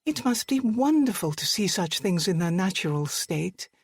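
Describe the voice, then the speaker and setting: An audiobook narrator voicing a sharp-witted young woman who speaks in a brisk, dry, teasing way. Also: medium pitch, big pitch swings, husky, no echo.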